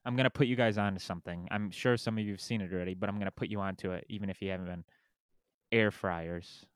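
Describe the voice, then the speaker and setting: A man's voice: low-pitched, fairly even intonation, fast, no room sound. A young man hosting a podcast in casual chat. He rambles and fills his talk with "like". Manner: rambling, lots of "like". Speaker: podcast host.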